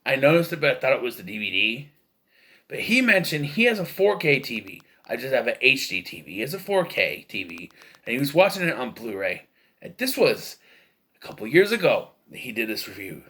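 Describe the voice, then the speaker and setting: Male film reviewer, casual and opinionated, with a tense edge and pitch that jumps all over. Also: big pitch swings, brisk, pushed and bright. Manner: rambling, opinionated, with frequent fillers and restarts. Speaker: movie reviewer.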